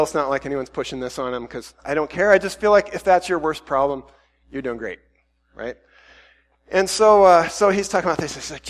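A middle-aged man preaching a casual, conversational sermon, often breaking off mid-thought and laughing between points. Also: mid-range voice. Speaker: pastor.

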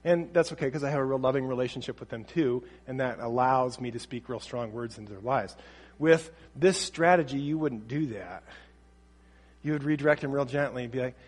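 A man's voice: mid-range voice, a little fast, big-room sound. A man giving a casual talk on parenting, speaking conversationally and acting out bits of dialogue. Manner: conversational, acts out quoted dialogue. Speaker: parenting teacher.

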